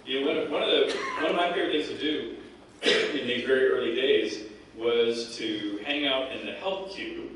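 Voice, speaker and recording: A man, a game developer on a panel, telling an animated anecdote and laughing often. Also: medium pitch, moderate pace, a little hiss or hum. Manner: lively storyteller, laughs often, acts out the quoted voices. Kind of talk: animated anecdote at a live event. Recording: echoey hall, voice from far off, background ambience.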